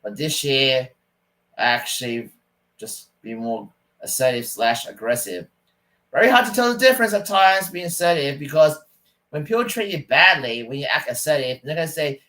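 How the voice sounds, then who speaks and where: A man's voice: mid-range voice, expressive, moderate pace, sharp tone, rough recording. A man ranting to camera in a rambling, stop-start, aggrieved way. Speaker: vlogger. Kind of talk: casual rant to camera.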